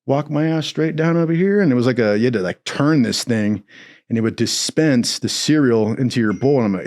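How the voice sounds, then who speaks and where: A young man telling a rambling, profane story in a casual, animated way, laughing often. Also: medium pitch, brisk.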